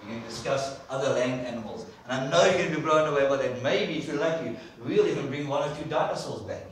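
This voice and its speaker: A man's voice: medium pitch, fast, slight background noise. A man preaching an enthusiastic sermon in a church, repeating words for emphasis. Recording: echoey church hall from far off.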